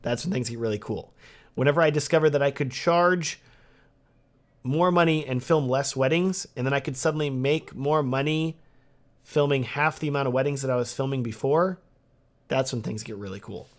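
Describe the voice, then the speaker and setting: A man's voice: mid-range voice, normal speed. A man with a Texan accent chats through a casual livestream Q&A. He sounds upbeat and loose, leaning on "um" and "like" as he goes. His voice sits in an ordinary middle range. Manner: casual and upbeat, many fillers like "um" and "like". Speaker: wedding videographer hosting a livestream Q&A. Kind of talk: casual livestream chat answering viewer questions.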